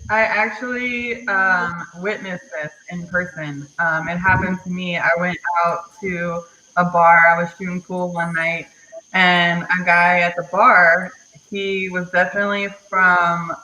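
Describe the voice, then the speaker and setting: A woman's voice: lowish voice, little pitch movement, unhurried, bright, forceful tone. A woman on a podcast panel telling a story earnestly, hesitant, with lots of fillers, over dull remote audio with faint hiss.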